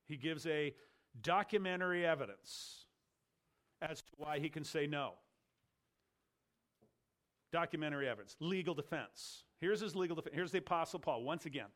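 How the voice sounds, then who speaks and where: A man preaching an explanatory sermon, stressing key words and slowing down for emphasis. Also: fairly high pitch, a bit bright.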